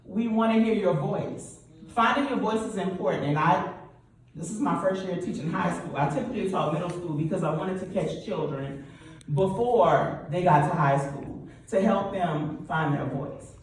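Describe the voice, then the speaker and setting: A middle-aged woman giving a lively motivational talk at a church event, often asking the audience questions. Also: on the low side, normal speed. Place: church hall. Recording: roomy echo, distant mic, faint hum.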